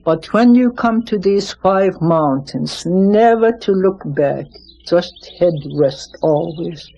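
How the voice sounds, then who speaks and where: A storyteller voicing a caring young daughter in a legend, speaking softly and simply. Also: medium pitch, lively intonation, slow, highs cut off. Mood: instructing.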